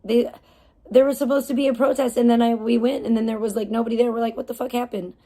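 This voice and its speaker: A woman's voice: fairly high pitch, little pitch movement, fast talker, warm tone. A woman live streamer in a casual, heated rant, swearing often and rambling with restarts. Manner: profane, heated ranting.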